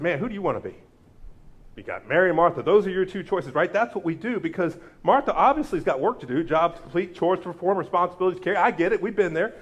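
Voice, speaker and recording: A man preaching a sermon as pastor, acting out quotes with big jumps in his voice. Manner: animated, acts out quotes with big pitch jumps.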